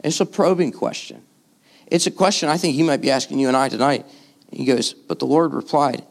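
A man preaching a sermon in a casual, conversational way, full of filler words and sudden jumps in pitch for emphasis. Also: fairly quick, gravelly. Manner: animated, swings pitch up and down for emphasis.

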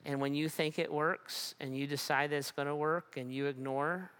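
A pastor preaching a sermon in a conversational way, with humor and frequent restarts. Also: male voice, fairly high pitch, steady tone, normal speed, a bit bright, clear, resonant tone.

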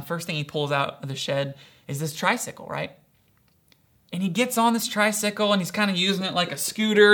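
Young male pastor, bright voice, casual sermon delivery with many "right"s and "kinda"s. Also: sits high. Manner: acts out quoted voices in storytelling.

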